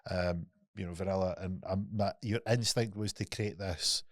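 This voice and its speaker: A man hosting a podcast, telling a story in a casual, animated way, swearing freely and acting out what people said. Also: deep voice, moderate pace, no room sound, clean studio sound. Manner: animated storyteller, swears often, acts out quotes. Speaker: podcast host.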